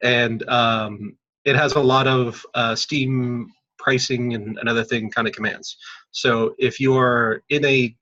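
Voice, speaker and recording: A man co-hosting a podcast in casual chat, explaining things quickly with many fillers, heard over dull lo-fi call audio. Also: mid-range voice, fairly even intonation, pushed and bright.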